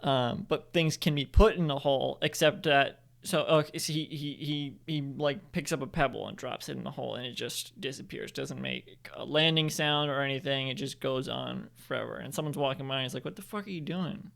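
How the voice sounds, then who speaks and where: A man's voice: mid-range voice, steady tone, normal speed, vocal fry, hardly any pauses, a bit bright. A young man at home improvising a story, rambling with lots of fillers and self-corrections. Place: home, indoors.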